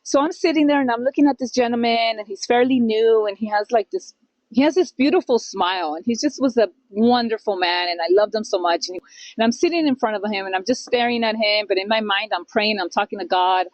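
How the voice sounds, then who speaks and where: Middle-aged woman host, lively storyteller, plays out the voices in her story, dry close sound. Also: fairly high pitch, fairly quick, no room sound, rough recording. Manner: animated storyteller, acts out quoted voices, mixes in Spanish phrases. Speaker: podcast co-host. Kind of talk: casual storytelling chat.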